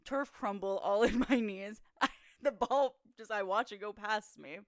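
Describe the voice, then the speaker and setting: A woman co-hosting a podcast, telling an embarrassing story in a lively, profane way with lots of "like" fillers. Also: mid-range voice, measured pace, no echo. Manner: animated, profane, full of "like" fillers. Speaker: podcast co-host. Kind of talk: casual storytelling chat. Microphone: streaming setup.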